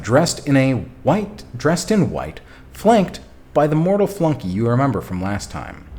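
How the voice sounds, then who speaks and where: Lively man reading a text game aloud. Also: mid-range voice, unhurried, soft background music. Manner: animated, swears often, talks back to chat. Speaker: streamer playing a text adventure.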